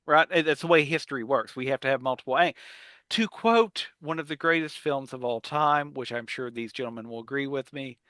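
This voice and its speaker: A man's voice: mid-range voice, a little fast, pushed and bright, no echo. A man co-hosting a podcast, talking in a nerdy, self-mocking way and stammering when he restarts. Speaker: podcast co-host. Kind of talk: casual chat.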